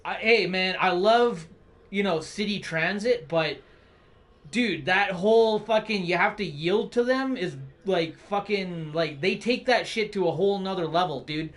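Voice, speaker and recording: High-pitched dude on stream ranting about the road, tons of swearing and likes and dudes. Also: male voice, a little slow, a bit bright. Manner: profane, rambling, heavy on fillers. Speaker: live streamer. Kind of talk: casual rant.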